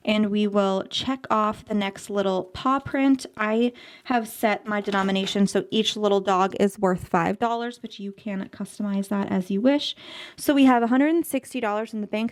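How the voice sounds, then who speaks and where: A woman's voice: medium pitch, darkish tone. A woman in her twenties, a budgeting vlogger, chatting in a bubbly, gushing way while stuffing cash envelopes. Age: 20s.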